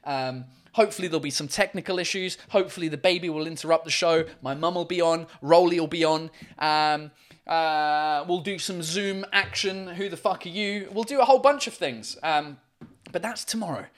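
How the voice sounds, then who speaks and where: A man's voice: fairly high pitch, moderate pace. Rambling, sweary man hosting a livestream. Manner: rambling, swears freely, many fillers. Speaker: livestream host. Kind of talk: casual live chat reading comments. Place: at home.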